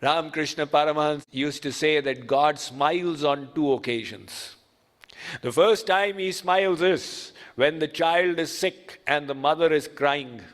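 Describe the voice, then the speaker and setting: A man giving a sermon as a spiritual teacher, teaching slowly and deliberately through told stories. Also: fairly high pitch, big-room sound.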